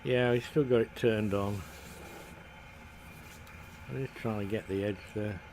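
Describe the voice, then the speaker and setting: A man's voice: fairly low pitch, fairly even intonation, unhurried, darkish tone, a little hiss or hum, low-quality recording. A Scottish man giving casual live commentary while playing a game, jokey and laughing at his own mistakes, chatting to viewers. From Scotland. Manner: chatty, jokey, laughs at himself, hums along. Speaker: game streamer.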